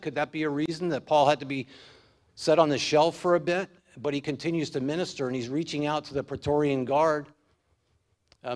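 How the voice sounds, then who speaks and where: A man as pastor, giving an earnest expository sermon that builds to emphatic stretches. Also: medium pitch.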